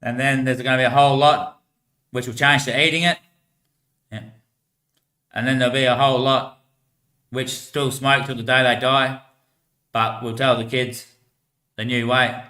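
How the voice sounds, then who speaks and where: A man's voice: medium pitch, little pitch movement, normal speed, long pauses, pushed and bright, roomy sound. Rambling, slangy man. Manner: swears freely, laughs often, loose slangy talk. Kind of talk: rambling casual monologue.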